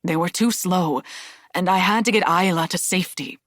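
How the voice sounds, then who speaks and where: A woman's voice: fairly low pitch, moderate pace, a bit bright, no echo, studio quality. A woman reading an audiobook, voicing a tired, grimy man who pleads to be understood as he guards a young girl. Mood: pleading. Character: weary father figure guarding a girl.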